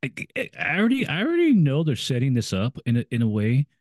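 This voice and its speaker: A man chatting casually on a podcast about a TV episode, explaining and speculating, quick to agree. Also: mid-range voice, huge pitch swings, darkish tone, no echo, studio quality. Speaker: podcast co-host.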